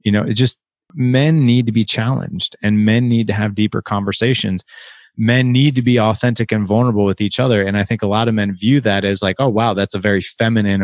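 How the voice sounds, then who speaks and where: A man's voice: lowish voice, no room sound, studio quality. A man speaking earnestly on a podcast about men's friendships, voicing imagined dialogue between friends. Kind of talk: casual podcast talk.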